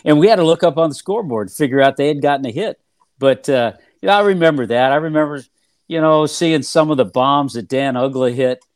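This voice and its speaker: In an easygoing interview, an older former player and TV analyst tells stories from his athletic and broadcasting careers, talking a little fast. His medium-pitched voice is dry and close-miked. He circles his points, restarting often and filling gaps with filler words.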